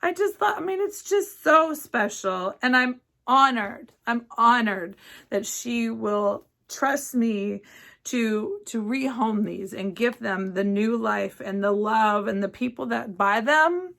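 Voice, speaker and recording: A woman chatting casually to camera as a cross-stitch vlogger in her home craft studio, gushing and excitable as she talks. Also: on the high side, takes it slowly, creaky.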